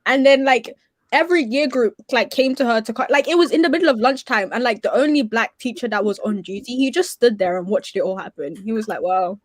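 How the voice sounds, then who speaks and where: A woman telling a story in a loose, rambling way, filling her sentences with "like." Her voice is high, and the sound is dry and close, with no room echo. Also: fast. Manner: rambling, full of fillers like "like". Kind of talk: casual chat.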